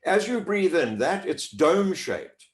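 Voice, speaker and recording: A man coaches voice warm-ups with a lively, swooping pitch. He talks in an animated, demonstrative way. The room around him rings with echo. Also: a little slow. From South Africa. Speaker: voice-over coach. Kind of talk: explanatory interview talk. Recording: echoey room.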